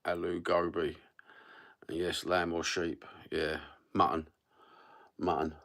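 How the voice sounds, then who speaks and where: A man's voice: low voice, monotone, takes it slowly, fairly bright tone. A middle-aged man with an East London accent, rambling through a casual livestream chat, sweary and matey with plenty of slang. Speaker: livestream host.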